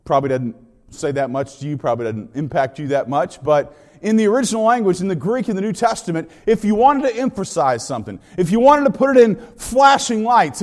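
A man's voice: high voice, in a large hall. A man preaching a sermon as pastor, emphatic and building his points through repeated phrases.

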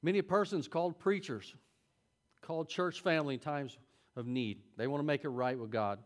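A middle-aged man teaching a Sunday school class, preaching in a folksy, conversational way with sudden loud peaks. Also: a little high, moderate pace. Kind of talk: sermon.

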